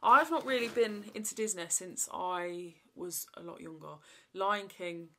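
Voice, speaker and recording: A woman's voice: fairly low pitch, measured pace, bright, forceful tone, a little hiss or hum. A woman, chatting casually to camera in a rambling way, full of fillers. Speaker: vlogger.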